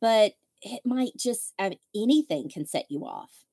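With a slightly high, expressive, mellow voice and a slightly slow delivery, the widowed host shares frank, wry stories in casual talk. She acts out what others said, and the clean studio recording has no room sound.

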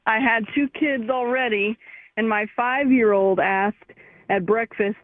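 A woman's voice: fairly high pitch, unhurried. A woman calls in to a radio show and tells her story with amusement. The call comes through a dull, muffled, lo-fi line. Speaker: caller. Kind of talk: phone-in story.

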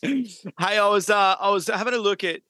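A male podcast host with a high voice asks questions in a relaxed, easygoing way. He laughs along with his guest, and the sound is close and dry. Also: moderate pace, no room sound. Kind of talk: casual podcast interview.

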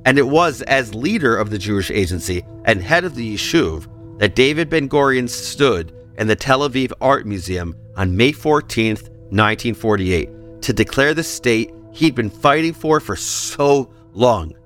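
A man's voice: medium pitch, expressive, measured pace, a bit bright, soft background music. A man hosting a history podcast, reading scripted narration and breaking off for playful personal asides.

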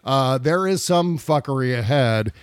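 A man's voice: mid-range voice, lively intonation, a little slow, clear, resonant tone, no echo, studio quality. A man hosting a podcast in casual political chat, sardonic and freely profane. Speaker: podcast host.

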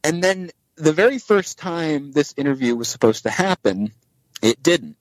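A man's voice: on the high side, normal speed, dry recording, poor audio. A man guest on a podcast, telling a long anecdote in casual chat and acting out the dialogue in different voices. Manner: animated anecdote teller, acts out dialogue in voices.

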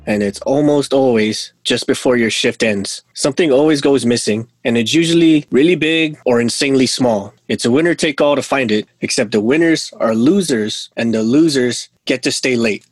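A man hosting a casual podcast chat, telling work stories in an animated way and laughing often. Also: mid-range voice, normal speed, few pauses. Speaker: podcast host.

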